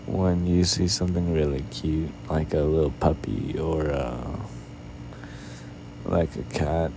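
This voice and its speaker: A tired man yawning constantly while speaking softly and sweetly as a doting boyfriend in a whispered role-play, drifting into whispers. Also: a bass voice, creaky, background noise. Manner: soft-spoken, affectionate, drifting into whispers.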